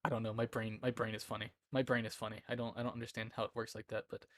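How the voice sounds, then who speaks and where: A man's voice: on the low side, level tone, racing, a bit bright, no echo, clean studio sound. A man in his twenties chatting casually on a live stream from home, rambling and often breaking into laughter. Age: 20s. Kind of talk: casual chat. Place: indoor room at home.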